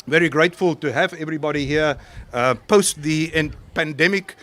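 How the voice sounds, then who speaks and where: A man giving a formal, halting welcome speech outdoors at a coastal colony through a handheld microphone. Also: on the high side, a bit bright. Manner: halting, formal, many pauses and restarts. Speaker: conservation official opening an event. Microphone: handheld microphone into a public address.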